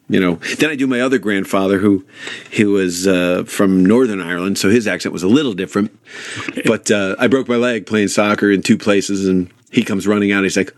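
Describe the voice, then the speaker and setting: Low-voiced comedian telling family stories. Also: male voice, fairly even intonation, brisk, no echo, studio quality. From New York. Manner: earnest, anecdotal. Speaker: actor, comedian, guest. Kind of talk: interview storytelling.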